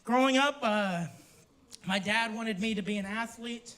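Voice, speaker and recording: A young man doing a stand-up set in a university theater, brash and swearing, with sudden loud outbursts. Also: high-pitched, unhurried, a little hiss or hum. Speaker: stand-up comedian. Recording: roomy theater, distant mic, audience laughter.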